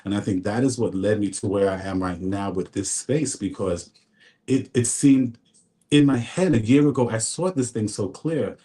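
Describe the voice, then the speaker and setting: A man's voice: lowish voice, moderate pace, mellow. A man, a fashion designer, earnestly telling his story on a radio talk show in a studio. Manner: storytelling, earnest, faith-filled. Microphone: studio mic.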